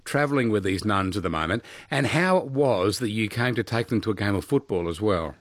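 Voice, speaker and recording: A man hosting a casual radio interview, relaxed and given to stammered starts. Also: fairly low pitch, brisk, no echo. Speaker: radio host.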